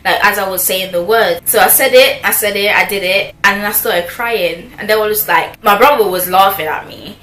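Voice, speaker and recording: A woman's voice: mid-range voice, moderate pace, few pauses, pushed and bright. Chatty young woman in an echoey room. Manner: chatty, slangy, lots of fillers and asides. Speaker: vlogger. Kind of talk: casual storytelling to camera. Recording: echoey room with faint noise.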